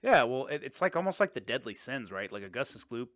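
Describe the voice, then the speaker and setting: A man's voice: medium pitch, big pitch swings, a bit bright, no room sound. Man, podcast co-host, casual crude movie chat, dry close sound. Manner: laid-back, crude, recaps scenes with quick impressions.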